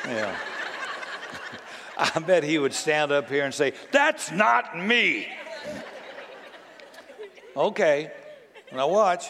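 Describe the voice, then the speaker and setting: A man's voice: fairly high pitch, fairly bright tone. A man preaching a sermon to his congregation in a casual, conversational way, often asking the listeners rhetorical questions. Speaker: pastor. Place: church sanctuary. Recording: long reverb of a large church.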